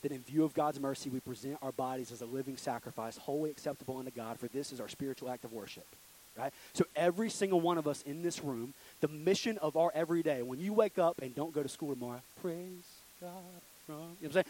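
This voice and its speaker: A man's voice: a little high, quick pace, poor audio. A young man preaching a casual, joking youth sermon in a church room, acting out little voices. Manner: animated, joking, acts out voices. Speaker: youth pastor.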